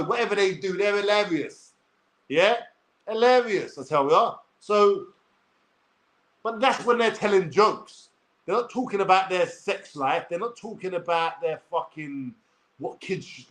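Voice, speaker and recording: A man's voice: high voice, fairly bright tone, poor audio. Profane ranting man. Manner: crude, profane, blunt, addresses viewers directly. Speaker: vlogger. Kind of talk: direct-to-camera rant.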